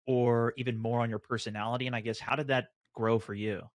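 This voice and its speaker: A man hosting a podcast about content creation, asking a guest measured questions. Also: mid-range voice, level tone, no echo, clean studio sound. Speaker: podcast host. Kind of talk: interview questions.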